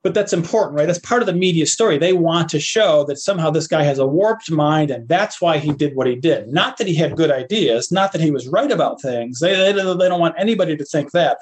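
Older guy lecturer on a podcast, kinda high voice, earnest, keeps restarting sentences. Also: slightly rough. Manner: hesitant, many restarts, earnest. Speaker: philosophy lecturer and guest. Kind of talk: podcast interview answers.

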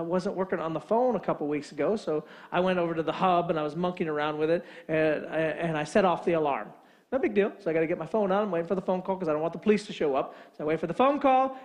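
A man preaching a sermon, telling a funny story and acting out both sides of a phone call. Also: high-pitched. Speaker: pastor.

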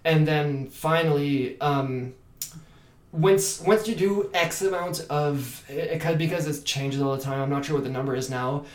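A man from Canada whose first language is French, chatting as an actor in an interview, animated and full of restarts. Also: on the high side, a little slow. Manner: animated, many restarts and fillers. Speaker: actor and podcast guest. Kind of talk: casual interview chat. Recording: echoey room.

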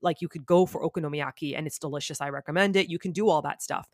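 A woman guest on a podcast, telling stories in a lively, casual way and filling her talk with "like.". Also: sits low, quick pace, no echo, studio quality. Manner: animated storyteller, says "like" a lot. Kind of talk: casual chat.

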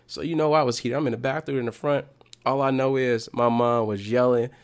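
A man telling a personal childhood story to viewers in a casual, slangy, animated way, drawing a life lesson from it. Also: medium pitch, fairly quick. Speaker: motivational speaker.

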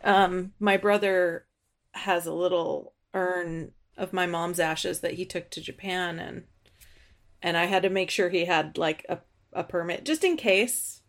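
A woman's voice: fairly low pitch, unhurried. A woman hosting a podcast who interviews a guest casually, listening closely and agreeing often. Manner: attentive, with frequent short agreements. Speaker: podcast host.

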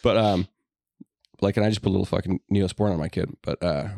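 A comedian from Texas tells stories in a low, deep-set voice, rushing through them quickly. He talks loosely and swears a lot, full of "like" and asides. The sound is dry and close, with no room around it. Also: vocal fry, mellow, no echo. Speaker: guest comedian. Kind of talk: casual podcast chat.

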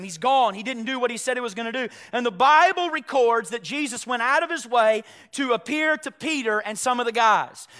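A male pastor preaching a sermon, telling a Bible story with acted-out dialogue and swings from shouts to hushed tones. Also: extremely high pitch.

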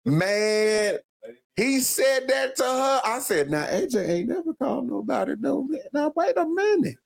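A man's voice: very high-pitched, very animated, measured pace, gravelly. A man co-hosting a podcast, telling a wrestling story in slangy casual chat, laughing often. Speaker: podcast co-host.

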